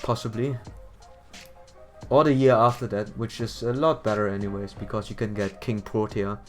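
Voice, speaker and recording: A man's voice: lowish voice, flat delivery, moderate pace, soft background music. A man streaming a game, chatting casually in a rambling way, repeating words and laughing often. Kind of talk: casual live-stream chat.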